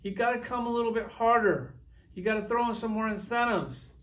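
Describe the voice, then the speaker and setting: A man's voice: high-pitched, brisk. A man giving a profane, sarcastic comedic rant to camera, telling crude stories with heated outbursts. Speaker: toy collector reviewer.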